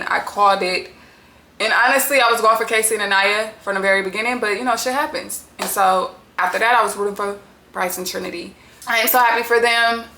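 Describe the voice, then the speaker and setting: A woman's voice: a little high, sharp tone, reverberant. A woman recapping a reality show in a casual, profane and opinionated way.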